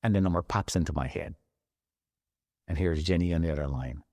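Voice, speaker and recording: A man's voice: low-pitched, brisk, mellow, no echo. A middle-aged man recounting how he survived, acting out the voices of the people in his story, heard close on a studio mic. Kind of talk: emotional personal storytelling.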